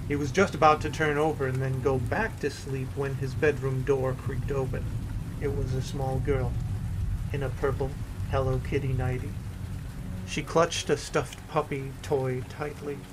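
A man narrates a horror story at an unhurried, deliberate pace in a mid-pitched voice. Steady rain noise runs under the recording.

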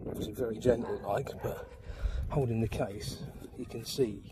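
Outdoors by a motorbike, a vlogger from the United Kingdom gives a casual how-to while fitting a phone mount, with plenty of ums and fillers. His voice is lowish, his speed normal, and the audio is very noisy.

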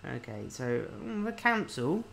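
A man casually commenting on a video game as he plays, reading the on-screen text aloud and thinking out loud. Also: mid-range voice, big pitch swings, measured pace, creaky, slight background noise. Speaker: let's-play host.

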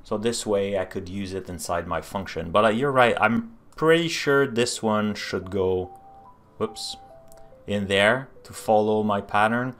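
Faint music plays behind a man whose voice sits on the low side, slightly bright and delivered at a measured pace. Coding on a live stream, he talks through his thinking in a Quebecois French accent, answering chat with frequent fillers and false starts.

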